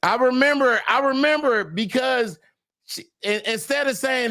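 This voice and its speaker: A middle-aged man, a comedian guest, talking loud and animated, laughing through his stories. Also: very high-pitched, measured pace, dry recording, studio quality. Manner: loud, talks over his own laughs, Southern Black church slang. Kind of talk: animated podcast chat.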